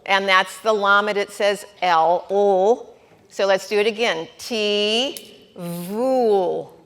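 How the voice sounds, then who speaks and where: A woman leads a classroom Hebrew lesson, speaking at an unhurried pace. Her voice is bright and clear, and she is patient and encouraging, drawing out each syllable and often asking whether everyone follows. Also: medium pitch. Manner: sounds out syllables slowly. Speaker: Hebrew teacher.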